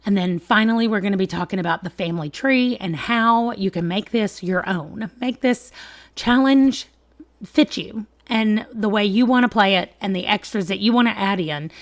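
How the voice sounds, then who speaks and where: A woman's voice: mid-range voice, normal speed. A woman who sounds sick, hosting a casual game tutorial and explaining step by step in a chatty way, with emphatic warnings.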